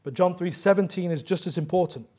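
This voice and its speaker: A man's voice: sits high, quick pace, darkish tone. A man preaching a sermon as pastor, explaining scripture verse by verse with earnest emphasis.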